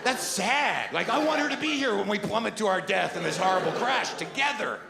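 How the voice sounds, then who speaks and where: Anxious, rambling middle-aged stand-up comedian. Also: male voice, high-pitched, expressive, brisk, gravelly, a loud crowd. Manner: rambling, anxious, emphatic storytelling. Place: comedy stage.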